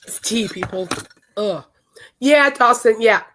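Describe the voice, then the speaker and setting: A woman podcast host, hoarse from singing, talking in a chatty, emphatic and indignant way. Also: fairly high pitch, takes it slowly, fairly bright tone, a little hiss or hum. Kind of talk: casual chat.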